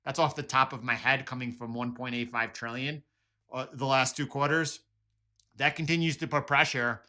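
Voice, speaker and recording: A man's voice: medium pitch, flat delivery, moderate pace, bright, forceful tone. A man hosting casual market commentary, talking conversationally with many restarts and repeated words. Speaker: market analysis host.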